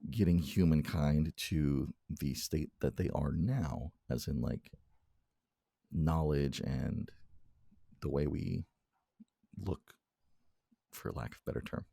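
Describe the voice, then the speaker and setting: Deep, gravelly man podcaster. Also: takes it slowly, long pauses, dark tone, no room sound, clean studio sound. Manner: teasing interviewer who laughs often. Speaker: podcast co-host. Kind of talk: casual chat.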